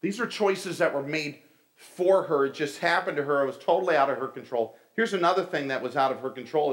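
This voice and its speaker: A man's voice: on the high side, a little fast. Conversational middle-aged man preaching. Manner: storytelling, conversational, addresses listeners as folks. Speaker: pastor. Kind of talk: sermon.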